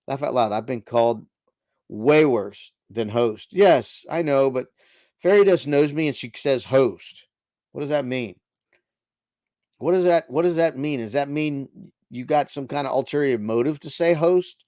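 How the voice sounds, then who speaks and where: A man's voice: medium pitch, unhurried, darkish tone, dry recording, studio quality. A middle-aged man hosting a casual late-night livestream, reading viewer chat aloud into a desk microphone in a chatty, laid-back way. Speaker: livestream host.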